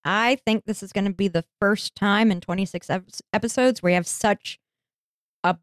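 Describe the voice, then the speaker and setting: A woman co-hosting a casual podcast with a smooth, clear voice in a middle pitch. She is playful and frank, and the sound is close and dry. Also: steady tone, moderate pace, no room sound. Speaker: podcast co-host. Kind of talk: casual chat.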